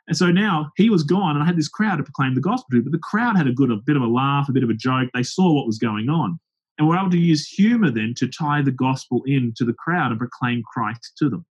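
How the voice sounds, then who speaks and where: Male pastor, animated storyteller, a little raspy, muffled lo-fi audio. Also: mid-range voice, fast talker. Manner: lively anecdotal storytelling with acted-out quotes. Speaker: pastor and open-air preacher. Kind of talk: telling stories in an interview. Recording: dull lo-fi sound.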